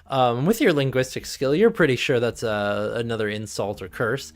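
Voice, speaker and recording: A man's voice: medium pitch, moderate pace. A man narrating as game master for a tabletop game, rambling with lots of fillers. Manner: rambling, filler-heavy, laughing.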